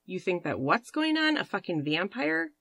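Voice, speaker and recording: A woman's voice: medium pitch, big pitch swings, normal speed, vocal fry, a bit bright, no echo, exaggerated voice. A woman voicing a pragmatic, stiff male official who is exasperated and swears.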